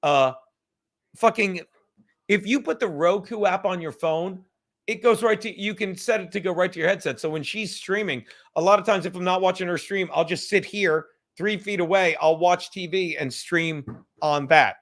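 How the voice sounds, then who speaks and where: A man's voice: sits high, moderate pace, a bit bright. A man in his fifties hosting a casual livestream from home, rambling and swearing, laughing often and sometimes dropping to a whisper. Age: 50s. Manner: rambling, profane, laughing, drinking while talking; drops to a whisper at times. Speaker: livestream host.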